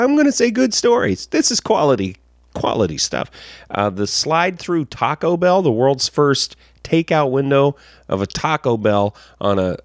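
A man's voice: medium pitch, no echo, studio quality. A man hosting a podcast in a casual, joking style with rambling asides. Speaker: podcast host.

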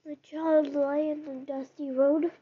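A woman reads a children's book aloud in a gentle storytelling manner, now and then stumbling over a word and restarting it. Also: high-pitched, little pitch movement, measured pace, background noise. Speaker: narrator. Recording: dull lo-fi recording.

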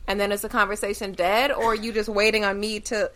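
Woman, podcast co-host, blunt, emphatic, casual chat, middle pitch. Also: flat delivery, fast talker, a bit bright. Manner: blunt, emphatic, swears freely.

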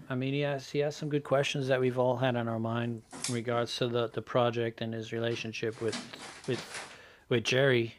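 Mid-voiced guy on a podcast, kinda measured, keeps restarting with i thought. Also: mid-range voice, a little hiss or hum. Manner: measured, repeats his openings. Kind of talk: casual podcast chat.

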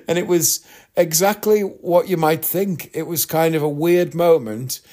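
A man's voice: on the high side, measured pace, darkish tone. A man hosting a podcast, telling a rambling travel story in a chatty way and laughing at his own tale. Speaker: podcast host. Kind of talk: casual storytelling monologue.

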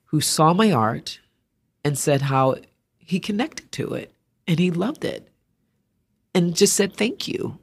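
A woman's voice: low voice, takes it slowly, long pauses, breathy edge. A woman artist, a podcast guest, telling stories in conversation and acting out the voices of people she quotes. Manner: animated storyteller, acts out quoted voices. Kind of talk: interview conversation.

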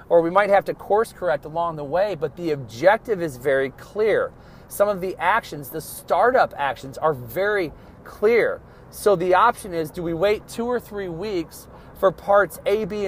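Man, motivational podcast host, emphatic pep talk, slightly high voice, faint street noise behind. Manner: emphatic, preachy, addresses listeners as folks. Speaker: podcast host and success coach.

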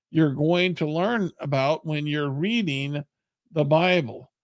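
A man's voice: a little high, slow pace, dry recording. A man preaching a sermon in an earnest, plain-spoken way.

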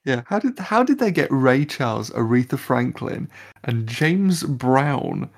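A man's voice: mid-range voice, big pitch swings, unhurried, vocal fry. A man co-hosting a film podcast, reviewing a score in casual chat with many restarts. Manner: hesitant, many restarts and fillers. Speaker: podcast co-host.

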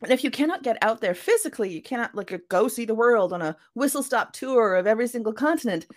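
Her voice is on the high side, expressive and quick-paced, as she chats on a podcast as an author guest. Explaining her point, she acts out little quoted voices in a casual way.

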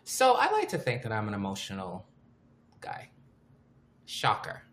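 A man's voice: lowish voice, huge pitch swings, normal speed, a bit bright. A man co-hosting a podcast, talking casually and animatedly, joking and laughing easily. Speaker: podcast co-host. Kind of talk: casual chat.

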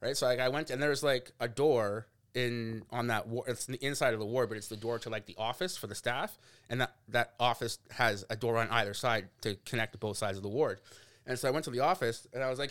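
Young man, fast talker, animated storyteller, laughs often, casual podcast guest. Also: mid-range voice. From Canada. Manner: animated, laughs often, acts out quotes, swears.

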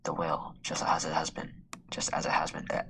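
A man reading a story aloud in a hushed, half-whispered way. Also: very deep voice, monotone, normal speed, gravelly, poor audio. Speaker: student reader.

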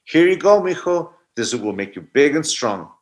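A man's voice: on the high side, sing-song, normal speed. A man voicing his elderly grandmother as she sweetly coaxes and then guilt-trips a young child into eating. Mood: coaxing.

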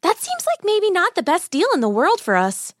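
Woman doing a worried young bride-to-be, high voice, earnest, storybook reading, dry sound. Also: huge pitch swings, normal speed, dry recording, heavily acted. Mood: doubtful. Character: anxious young woman about to marry.

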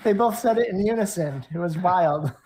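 A woman game master with a slightly low voice narrates a tabletop session casually. She rambles and fills pauses with "uh" and "um" as she goes. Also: lively intonation, a crowd in the background. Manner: rambling, laughing, many fillers.

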